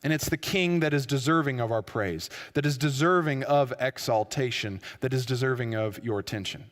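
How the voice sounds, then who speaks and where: Male preacher, slightly high voice, storytelling sermon with fillers, long church-hall reverb. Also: fairly bright tone. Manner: storytelling, with frequent fillers and restarts.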